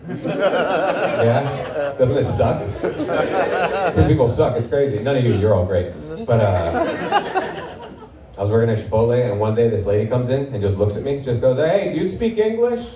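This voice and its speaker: Thirties male stand-up, dry offhand delivery, mid pitch, recorded far off in a roomy club with loud audience laughter. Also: animated, normal speed, pauses often, a crowd in the background. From Portland, Oregon, US. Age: 30s. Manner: wry, offhand, self-deprecating delivery. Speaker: stand-up comedian. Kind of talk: live stand-up comedy set. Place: comedy club stage with live audience.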